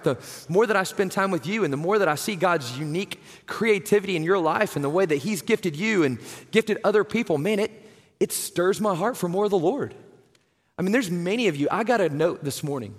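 Man, pastor, conversational sermon, fairly high voice, long church reverb. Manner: conversational, earnest, says "right?" and "man" often. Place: church sanctuary.

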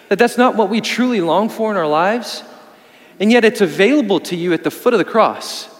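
A man preaching a sermon as pastor, pressing his points hard and then dropping low and soft for emphasis. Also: long reverb tail. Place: church sanctuary.

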